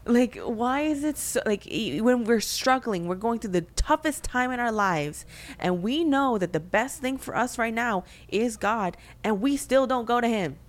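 A woman's voice: fairly high pitch, expressive, unhurried. A young woman co-hosting a faith podcast, talking candidly and reflectively, with frequent fillers and restarts. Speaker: podcast co-host.

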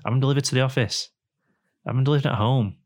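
A man's voice: medium pitch, fast talker. A man hosting a podcast, reading a sponsor spot in a rambling, jokey way. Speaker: podcast host. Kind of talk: casual podcast chat and ad read. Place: indoor room, face to face with guest.

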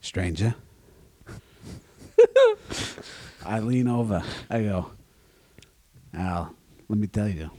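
A man's voice: on the low side, drawn-out words, pauses often, mellow, dry recording. A man playing a brash, crude middle-aged male wiseguy who brags and swears as he talks. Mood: boastful. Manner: swaggering, boastful, profane, keeps saying "you know what I'm talking about". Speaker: podcast co-host playing a guest. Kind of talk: improvised comedy character.

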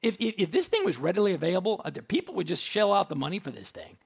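A middle-aged man hosts a radio talk show, telling stories in a chatty, joking way. His voice sits high and has a gravelly rasp. The recording sounds a little dull and lo-fi. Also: huge pitch swings, quick pace. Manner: chatty, jokey storyteller. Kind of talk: casual radio talk and ad read.

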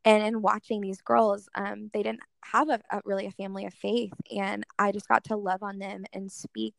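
Young woman with a gravelly, fry-laden voice. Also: mid-range voice, little pitch movement, moderate pace, no echo. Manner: earnest, heavy use of "like" as filler. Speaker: guest speaker in worship ministry. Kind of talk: casual interview storytelling.

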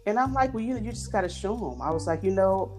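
A woman's voice: medium pitch, quick pace, soft background music. A woman telling stories in a casual chat, acting out the voices of the people she quotes. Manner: animated, acts out quoted voices.

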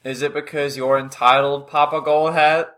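A man's voice: on the high side, flat delivery, normal speed, bright, forceful tone. A man playing in a tabletop game, joking and playful with his character. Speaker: player. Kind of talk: tabletop role-play.

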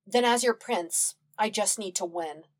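A proud young prince speaks stiffly and defensively, voiced by a woman reading a podfic. He puffs himself up and tries to sound grand. His voice moves lively between lines. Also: a little high, moderate pace, voice pushed up. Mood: resolute. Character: proud, prickly twelve-year-old banished prince. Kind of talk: podfic character voice.

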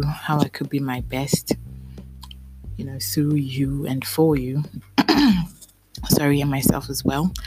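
A woman with a notably low voice hosts her solo podcast in loose, casual talk. She sounds a little out of breath and leans on repetition as she chats and apologizes. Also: rough recording. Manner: chatty and apologetic, repeats herself. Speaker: podcast host.

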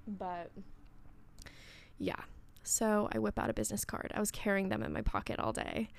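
A woman's voice: medium pitch, big pitch swings, moderate pace, gravelly. A young woman hosting a casual spiritual podcast, chatty and swearing freely, with whispered asides. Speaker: podcast host.

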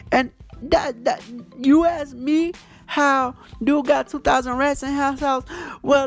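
A man with a gravelly, fry-laden voice chats casually as a podcast host, recapping what he has been reading and watching. His storytelling is animated and rambling, full of swearing and fillers, and he records on a phone. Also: very high-pitched. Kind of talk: casual chat, retelling books and shows.

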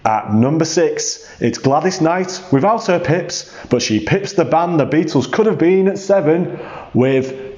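A man's voice: fairly high pitch, lively intonation, unhurried, darkish tone, echoey room, dull audio. A man reading out jury votes in a jokey way, half-singing the song titles, on a home recording. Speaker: jury member sending in votes. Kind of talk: recorded vote announcement.

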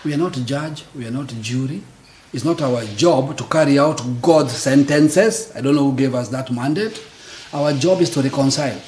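A man's voice: mid-range voice, normal speed, a little hiss or hum. A man co-hosting a church teaching talk, using rhetorical questions in a preaching conversational style. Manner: animated, rhetorical questions, affirms often. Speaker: co-host of a church teaching show. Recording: roomy echo.

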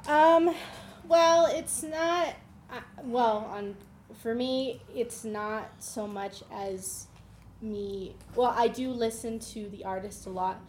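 A woman in a casual group discussion, speaking haltingly with restarts. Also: on the high side, darkish tone, slight background noise. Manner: halting, many fillers and restarts. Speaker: discussion participant.

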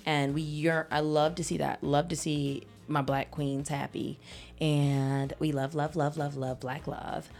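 A woman's voice: low-pitched, level tone, a little slow, a little mellow, faint music behind. A young woman co-hosting a podcast in a loose, profane, casual chat, laughing often. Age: young adult. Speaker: podcast co-host.

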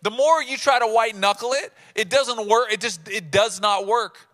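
A man preaching a sermon in a lively, casual way, acting out bits of the story in voices. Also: high-pitched, moderate pace. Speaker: pastor.

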